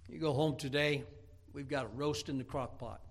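A pastor preaches a sermon in a mid-range voice, with a steady tone and moderate pace. He tells homely, humorous stories in a folksy way, repeating words as he builds to emphatic, rising bursts.

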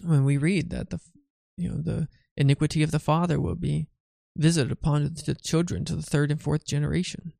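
A man's voice: a little high, flat delivery, fairly quick, creaky, mellow, no echo, clean studio sound. A tired, yawning man teaching a Bible study in a chatty way, often asking "right?" and restarting his phrases.

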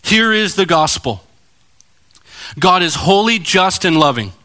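A man's voice: high-pitched, a little slow. A man preaching a sermon as pastor, direct and challenging, acting out voices as he tells stories. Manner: animated storytelling, acting out voices.

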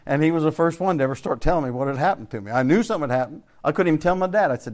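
A man's voice: mid-range voice, expressive, fast, a little mellow. An older man from Central Florida, teaching a Bible class in a preaching style, telling folksy stories, asking rhetorical questions and chuckling often.

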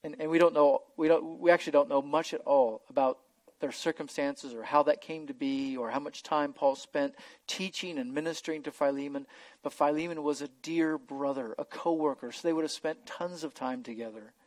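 A man's voice: a little high, steady tone, fairly quick, a little mellow, dry recording. Earnest man preaching, close and dry. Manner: earnest, emphatic, with frequent repeated words. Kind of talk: expository sermon.

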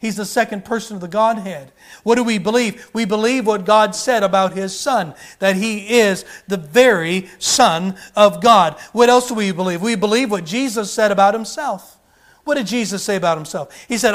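A man's voice: high-pitched, normal speed, a bit bright. A man preaching a sermon, driving his points with emphatic repetition and rhetorical questions.

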